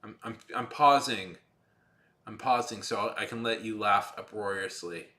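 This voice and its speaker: His voice is on the low side, a bit slow, pushed and bright. He's an artist streaming his drawing session, casually chatting to viewers with rambling, filler-laden, dryly sarcastic remarks.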